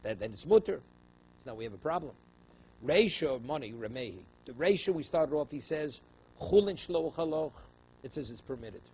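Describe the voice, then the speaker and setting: A rabbi giving a Talmud class, reading Aramaic passages and explaining them in English, often checking with "okay?" and "right?". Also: male voice, mid-range voice, animated, fairly quick, husky. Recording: slightly dull, faint room noise.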